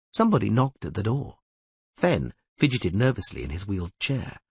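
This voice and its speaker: A man narrating an audiobook in a dramatic, expressive reading style. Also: fairly low pitch, normal speed, vocal fry, husky, no room sound.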